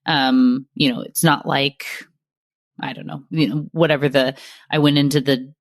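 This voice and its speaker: A woman's voice: rumbling low, fairly even intonation, moderate pace, dry recording, clean studio sound. A woman hosting a podcast interview, chatting and thinking aloud with plenty of fillers. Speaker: podcast host.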